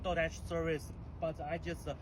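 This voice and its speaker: Sex: man. Role: delivery driver. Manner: halting, full of fillers. Pitch: slightly high. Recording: outdoors, loud car and street noise. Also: flat delivery. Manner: hesitant, halting, many fillers.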